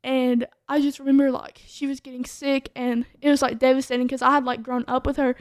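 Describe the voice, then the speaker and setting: High-voiced chatty woman. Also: little pitch movement, fairly quick, no room sound, clean studio sound. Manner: chatty, full of "like" fillers. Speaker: podcast co-host sharing her testimony. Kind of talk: casual testimony chat.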